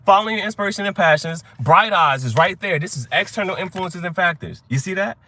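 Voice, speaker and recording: A man's voice: sits high, animated, a little fast, bright, forceful tone. A young adult man hosting a tarot reading chat, talking in a rambling, profane way and telling stories with quoted voices. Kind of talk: casual livestream chat.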